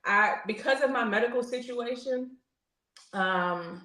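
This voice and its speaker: A woman's voice: on the high side, measured pace, sharp tone. A woman in her forties, a guest on a podcast, tells a personal story in an earnest, open way, with many fillers and restarts. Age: 40s. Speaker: podcast guest, military veteran. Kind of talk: candid personal storytelling in conversation. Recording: roomy echo.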